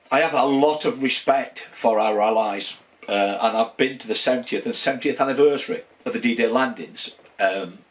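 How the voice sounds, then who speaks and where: A man in his sixties speaks in a thick Wigan accent from northwest England. He talks casually and loosely, with lots of "um"s, restarts and asides, at a medium pitch. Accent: Wigan, northern English. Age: 60s. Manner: rambling, with many fillers and restarts. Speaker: channel host. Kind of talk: casual channel update.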